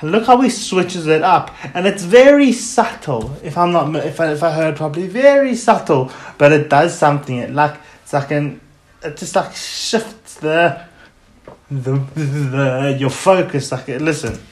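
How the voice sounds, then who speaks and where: Casting: excitable podcast host, slightly high male voice, roomy echo, music behind. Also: a little slow. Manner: excitable, swears freely, hypes tracks. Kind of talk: casual music reaction chat. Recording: echoey room, music playing.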